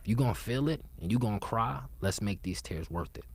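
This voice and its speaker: A man with a very deep voice speaks in a reflective conversational way. He is earnest and often sinks into a soft, low murmur. When he stresses a point he turns emphatic. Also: animated, fairly quick, husky.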